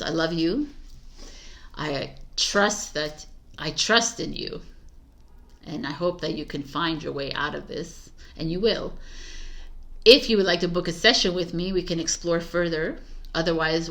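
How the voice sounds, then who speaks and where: A woman's voice: lowish voice, fairly bright tone. A woman giving a casual tarot reading, chatty and emphatic, laughing often. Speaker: tarot reader.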